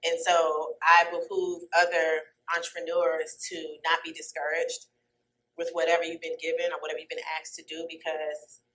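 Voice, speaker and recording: Animated storytelling woman guest, bright voice. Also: sits low, normal speed, poor audio. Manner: animated, acts out dialogue in her stories; sermon-like inspirational cadence. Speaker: guest artist and entrepreneur. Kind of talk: casual storytelling chat.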